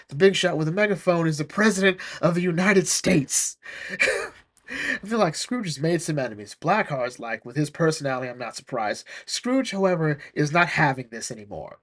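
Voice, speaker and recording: A man's voice: fairly high pitch, animated, moderate pace, a bit bright. A man in casual chat, recapping a comic in an amused, rambling way. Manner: chatty and amused, lots of "like". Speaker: comic reviewer.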